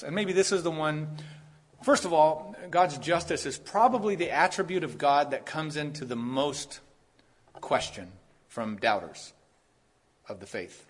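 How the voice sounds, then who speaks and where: A man preaching a sermon in an earnest, conversational way, with quick asides to the listeners. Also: medium pitch, a bit bright, breathy edge. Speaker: pastor.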